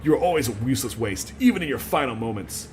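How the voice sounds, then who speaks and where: A man's voice: mid-range voice, lively intonation, fast talker, slight background noise, lightly acted. A man putting on an attempted Texan accent for a blunt, scornful man.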